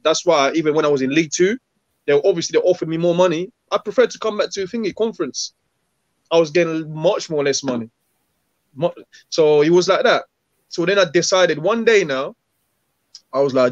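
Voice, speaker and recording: Give me a man in his forties telling football stories, acting out the dialogue, on a flat, dead-sounding recording. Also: on the high side, fairly quick, no room sound. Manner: animated, acts out quoted dialogue, street slang. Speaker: former footballer, guest. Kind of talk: casual storytelling interview. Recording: dull, dry recording.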